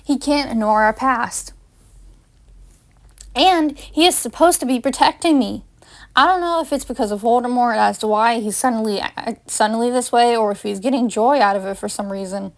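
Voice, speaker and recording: Woman narrator, fanfiction read-aloud, fairly high voice, a few stumbles. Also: moderate pace. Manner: first-person narration with small slips and restarts. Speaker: fanfiction reader.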